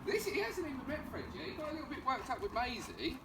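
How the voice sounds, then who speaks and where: A calm man with an Essex accent explains dog training on a street and gives short firm commands like a coach. His voice sits fairly high for a man. He is recorded from some distance by the camera, with clear outdoor noise behind him. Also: fast. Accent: Essex English. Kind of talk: on-location training instruction. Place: outdoors on a street during a home visit.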